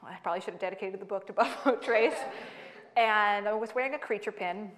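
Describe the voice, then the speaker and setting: A young adult woman author giving a book talk to an audience, lively and laughing through her stories. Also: medium pitch, fast talker, a crowd in the background. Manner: animated storyteller, laughing through anecdotes.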